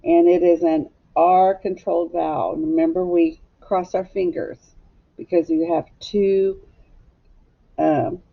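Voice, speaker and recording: Woman teacher for a kids' phonics lesson, lowish gravelly voice, slow and patient, slightly dull recording. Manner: slow, patient, asks children to echo her words. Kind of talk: phonics lesson for young children.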